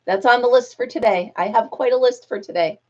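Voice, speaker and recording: A woman's voice: a little high, brisk, darkish tone. Chatty woman on dull lo-fi audio. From United States. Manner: chatty, laughs often, coos to her dog. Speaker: host. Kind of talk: casual chat.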